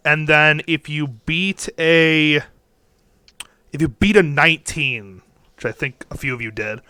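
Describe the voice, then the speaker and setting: Bright, crisp young man running a game. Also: fairly high pitch, measured pace, no room sound. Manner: rambling, many fillers and restarts. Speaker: game master. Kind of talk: narrating a tabletop game over voice chat. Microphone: headset or desk mic on a voice call.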